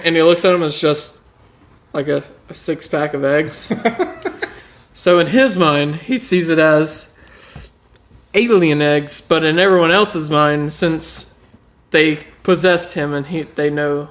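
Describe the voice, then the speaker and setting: A podcast co-host improvising a comic story, halting and full of fillers, often giggling. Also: medium pitch, fairly even intonation.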